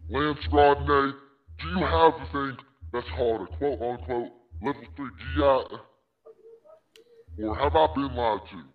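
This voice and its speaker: A man's voice: medium pitch, measured pace, lightly acted. A man playing a goofy, bragging dad who claims to be a war veteran, talking in a joking, mock-stern way. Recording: muffled lo-fi mic with music behind.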